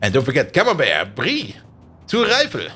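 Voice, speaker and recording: A man's voice: medium pitch, wildly swooping pitch, moderate pace, bright, forceful tone, faint music behind. A man streaming a game live, chatting and thinking aloud as he plays and laughing often. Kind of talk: live stream commentary while playing.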